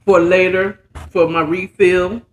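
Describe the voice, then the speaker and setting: A woman's voice: fairly low pitch, level tone, slow pace, slight background noise. A woman hosting a casual bedtime story recap, chatting in a laid-back, slangy way while mixing and sipping a cocktail. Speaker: host and storyteller.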